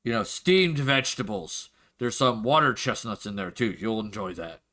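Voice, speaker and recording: A man's voice: lowish voice, animated, moderate pace, pushed and bright. Man doing a hearty orc innkeeper. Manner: gruff, friendly, pushes food on guests. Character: hearty, welcoming male orc innkeeper, big. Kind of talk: tabletop role-play voice.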